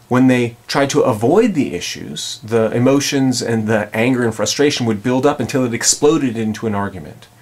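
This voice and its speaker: A man, a relationship coach, telling a client story in an easy, conversational talk and acting out what they said. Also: medium pitch. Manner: conversational, acts out quotes.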